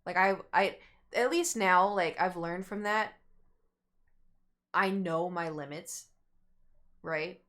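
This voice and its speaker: A woman's voice: fairly low pitch, slow, long pauses. A young woman streamer telling a rambling story to her chat, acting out what people said. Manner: animated, rambling, acts out quotes.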